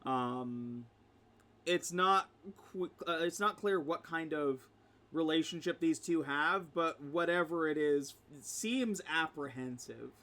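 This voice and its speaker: A man's voice: a little high, slow, sharp tone. A man narrating as game master in a casual tabletop game, talking loosely with many fillers.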